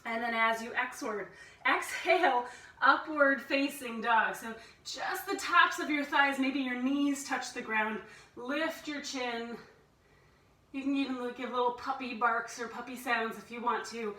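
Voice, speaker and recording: A woman's voice: a little high, measured pace, pushed and bright, reverberant, recorded from a distance, low-quality recording. A woman instructor guiding a family yoga class, playfully cueing breaths and inviting animal sounds.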